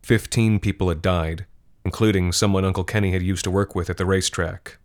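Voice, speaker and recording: A man narrating a dark short story in a measured, steady storytelling manner. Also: sits low. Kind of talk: scripted horror fiction narration.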